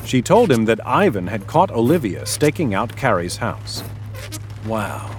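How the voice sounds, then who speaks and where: A man reading audiobook narration in a measured storytelling manner. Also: mid-range voice, very animated, a little hiss or hum.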